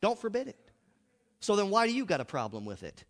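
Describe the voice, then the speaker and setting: A pastor preaching a lively sermon in a church, repeating himself and laughing often. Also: male voice, high voice, brisk, big-room sound.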